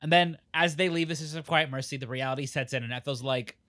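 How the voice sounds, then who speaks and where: A podcast co-host retelling a TV episode in casual chat, slipping into quick character voices. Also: medium pitch, pushed and bright, no room sound.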